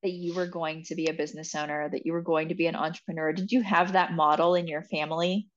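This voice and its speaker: A woman's voice: low voice, steady tone, quick pace. A woman hosting an interview, chatty and reflective, thinking aloud. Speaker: interview host. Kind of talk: casual interview conversation. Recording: dull lo-fi audio.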